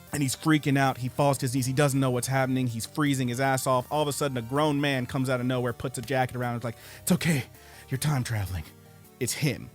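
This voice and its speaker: A man co-hosting an anime podcast, chatting casually and retelling a film with lots of swearing. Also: medium pitch. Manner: swearing, animated storyteller. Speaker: podcast co-host. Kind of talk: casual chat.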